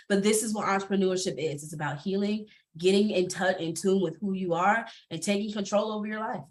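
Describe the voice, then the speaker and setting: A woman's voice: mid-range voice, brisk, few pauses. Passionate woman speaking on a panel. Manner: passionate, emphatic, laughs often. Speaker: entrepreneur and coach on a panel. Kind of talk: candid panel talk. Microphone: video call.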